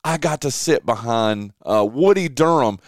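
A middle-aged man hosting a radio show, telling stories with excitement and saying "dude" often. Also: mid-range voice, a little slow, dry recording, studio quality. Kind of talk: casual radio chat.

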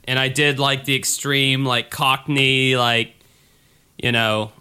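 Podcast guy, slight southern twang, bright crisp voice, goofy rambling humor. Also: little pitch movement, slow. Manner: joking, lowbrow humor, rambling asides. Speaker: podcast co-host. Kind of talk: casual podcast chat.

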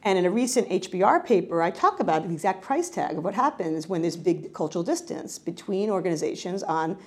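A middle-aged woman from New York, a researcher answering interview questions in a lively, conversational way, often restarting her sentences. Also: lowish voice, brisk. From New York, United States. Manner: animated, frequent self-corrections and restarts. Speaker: cultural psychology researcher.

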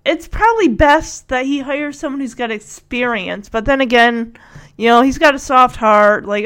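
Woman host, high voice, casual sarcastic recap chat with frequent laughs. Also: moderate pace, a bit bright. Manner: chatty, sarcastic, laughs often.

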